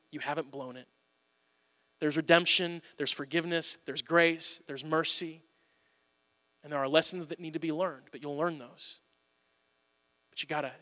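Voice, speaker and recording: A man in his thirties preaching a sermon, telling family stories with animated swings from loud to hushed. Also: on the high side, long reverb tail. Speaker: pastor.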